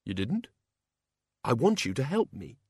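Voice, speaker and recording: A bewildered, gentle god of hangovers, played by a male narrator in an audiobook. He speaks vaguely and politely, hesitating often, in a slightly raised voice with a gravelly, husky edge. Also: medium pitch, sing-song, a little slow, dry recording, clean studio sound, exaggerated voice.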